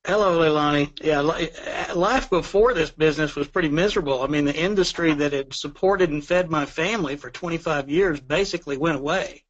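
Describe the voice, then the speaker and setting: A man's voice: a little high, a little fast, few pauses. A middle-aged man from Texas with a Texan accent giving a plain-spoken, easygoing testimonial on a call. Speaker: guest member giving testimonial. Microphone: remote call line. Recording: dull lo-fi call audio.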